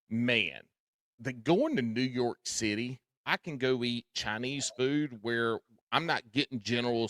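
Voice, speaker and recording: A man with a Southern drawl hosting a podcast, chatting casually and telling animated stories with plenty of swearing. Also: mid-range voice, no room sound, clean studio sound. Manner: animated, swears freely, storytelling. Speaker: podcast host. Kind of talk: casual chat.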